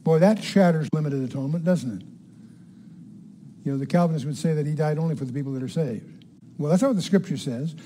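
An older man teaching the Bible verse by verse in a conversational way, reading scripture slowly with emphasis and putting quick questions to his listeners. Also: a little high, warm tone.

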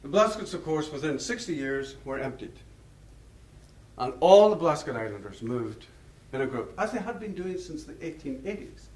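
A man's voice: on the high side, animated, normal speed, darkish tone. A man giving a public lecture, telling stories in a discursive, anecdotal way and chuckling at his own tales. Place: lecture hall. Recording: roomy hall, mic far off.

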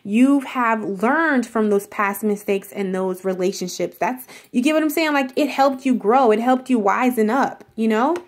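Tarot reader, woman, fairly high voice, loose and rambling, lots of fillers, speaks straight to the viewer. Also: normal speed, hardly any pauses. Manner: rambling, repetitive, heavy on filler words; addresses viewer directly and reassuringly. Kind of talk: casual tarot reading.

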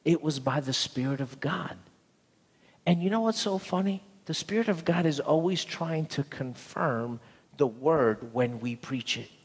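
Pastor guy preaching, earnest storytelling, kinda high voice, lots of hall echo. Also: a little slow, slightly rough. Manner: earnest storytelling, repeats words. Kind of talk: sermon. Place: church sanctuary.

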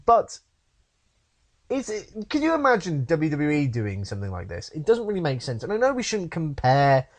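A man's voice: a little high, wildly swooping pitch, moderate pace. A man co-hosting a casual podcast chat, ranting in an exasperated tone. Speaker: podcast co-host.

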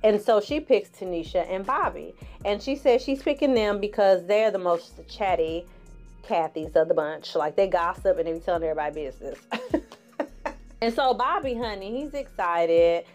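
A woman's voice: mid-range voice, animated, normal speed, a little mellow, faint music behind. A woman in her forties giving a casual, sassy recap of a reality show, calling her viewers honey and laughing often. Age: 40s. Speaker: online TV reviewer.

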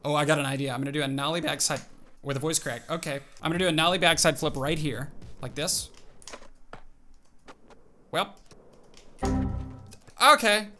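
A young man giving excited, animated commentary on his own gameplay, calling out tricks and reacting aloud. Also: on the high side, normal speed, pauses often, soft background music. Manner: animated, exclaims and narrates tricks to himself. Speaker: gaming video host.

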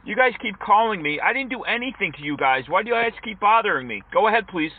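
Fast, high-voiced man prank calling. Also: animated, breathy edge, far from the mic, phone-quality sound. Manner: mock-indignant, needling complaints. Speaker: prank caller trolling scammers. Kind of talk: prank phone call.

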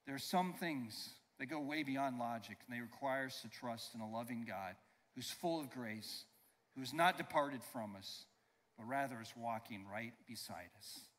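Bright-voiced man preaching in a reverberant church. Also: medium pitch. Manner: emphatic preaching, slows down to stress key phrases; leads the congregation in call-and-response. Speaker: pastor. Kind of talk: sermon. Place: church sanctuary. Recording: long reverb of a church hall.

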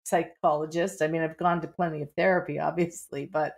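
Her voice sits low with vocal fry, and she speaks fairly quickly in a flat delivery. A middle-aged author with a Pittsburgh accent, she's a candid podcast interview guest who says "you know" constantly.

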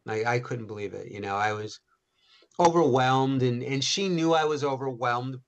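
A man, an author and interview guest, telling animated anecdotes with many restarts. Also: medium pitch, normal speed. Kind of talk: storytelling interview.

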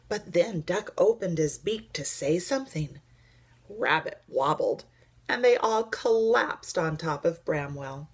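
Slow breathy woman reading a storybook. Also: fairly low pitch. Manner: gentle expressive storytelling with breathy, hushed narration. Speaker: teacher reading aloud. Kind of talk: children's read-aloud.

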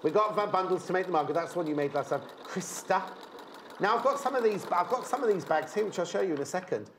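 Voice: medium pitch, lively intonation, fast, slight background noise. A presenter hosting a sewing show in a TV studio, chatty, rambling and full of jokey asides. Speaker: TV shopping presenter.

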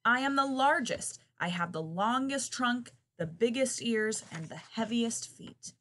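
A woman voicing a boastful huge elephant in a storybook reading, loud and proud. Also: on the high side, animated, measured pace, voice pushed up.

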